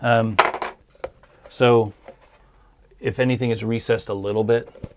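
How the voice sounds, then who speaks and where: A man's voice: lowish voice, level tone, slow, darkish tone, slight background noise. A man hosting a casual livestream, answering viewer questions in an easygoing, hesitant way, tired and losing his voice. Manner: easygoing, hesitant with many ums.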